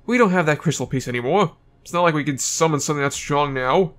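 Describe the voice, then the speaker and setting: A man's voice: fairly high pitch, fast, a bit bright, faint music behind, lightly acted. A man reading game lines as a bitter, dismissive male villain scientist. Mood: scornful. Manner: dismissive, curt.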